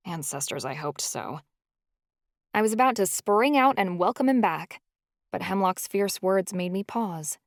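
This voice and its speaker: A woman's voice: mid-range voice, dry recording, clean studio sound. A woman reading a first-person novel aloud as an audiobook narrator, in a storytelling delivery.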